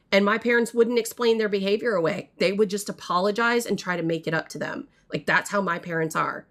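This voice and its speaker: A woman's voice: medium pitch, quick pace, hardly any pauses, fairly bright tone. Frustrated mother in her thirties, venting in a casual livestream, rambling with fillers. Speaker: mother telling a family story. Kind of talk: casual storytelling to viewers. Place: home art studio. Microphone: livestream mic.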